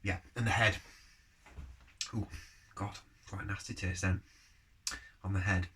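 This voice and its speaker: A man's voice: deep voice, steady tone, measured pace, bright, forceful tone, a little hiss or hum. Rambling chatty man reviewing beer. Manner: rambling, jumps between topics; blunt, chatty verdicts. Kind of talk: casual review vlog.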